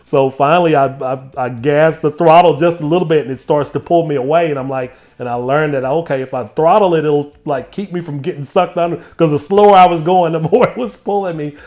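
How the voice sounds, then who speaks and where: A man hosting an interview, telling a personal story in a lively, laughing way. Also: on the high side, a little fast, few pauses. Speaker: interview host. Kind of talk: casual storytelling chat.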